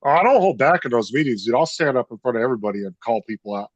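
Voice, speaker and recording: A man's voice: medium pitch, animated, racing, dry recording, highs cut off. Blunt man in casual chat. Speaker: school bus district worker. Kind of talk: casual live-stream chat.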